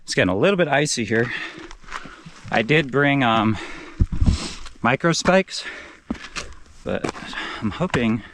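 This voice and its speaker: A man's voice: medium pitch, lively intonation, slow, long pauses, noisy background. A young man vlogging on a mountain hike, talking casually and joking at his own expense, a bit out of breath as he gets over a cold. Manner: easygoing, self-joking. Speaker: van life vlogger. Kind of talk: casual vlog narration while hiking. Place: outdoors on a mountain trail.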